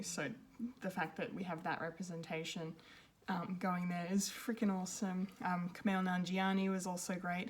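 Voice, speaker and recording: Woman rambling through a movie review, lowish voice, lots of ums. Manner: rambling, hesitant, many ums and restarts. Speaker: pop culture reviewer. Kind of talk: unscripted film review.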